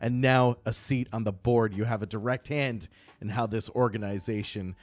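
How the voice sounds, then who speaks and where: A man's voice: fairly low pitch, steady tone, moderate pace, dry recording. A man chatting casually on a game live stream, upbeat and greeting viewers by name.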